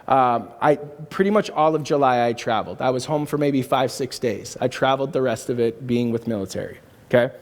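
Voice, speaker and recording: A pastor with a mid-range voice preaches a sermon in a church auditorium, speaking a little fast as he tells a personal story earnestly and emphatically. The recording carries a long hall reverb.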